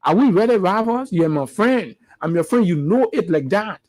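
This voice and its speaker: A man with a Liberian English accent delivers fervent political commentary as a morning show host. His voice sits high for a man. He keeps hammering his points home by repeating phrases. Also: expressive, moderate pace, a little mellow. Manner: preachy, repeats phrases for emphasis.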